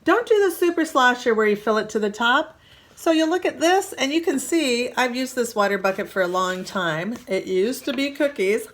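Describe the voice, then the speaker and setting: A woman teaching children a painting lesson in a playful, animated way, recorded on a tablet or phone in a school art room. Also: on the high side, normal speed. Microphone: tablet or phone camera.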